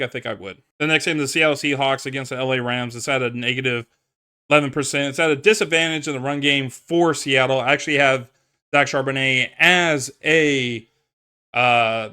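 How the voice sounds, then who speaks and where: Bright-voiced man breaking down stats. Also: medium pitch. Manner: reads numbers, thinks aloud with fillers and restarts. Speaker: fantasy football podcast host.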